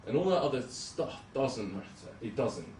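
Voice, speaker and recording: A man's voice: medium pitch, sing-song, moderate pace, darkish tone, a little hiss or hum. A young man giving a casual, self-deprecating talk as a junior doctor, chatty and hesitant, with many ums. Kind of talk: casual presentation with slides. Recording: roomy hall, speaker far from mic.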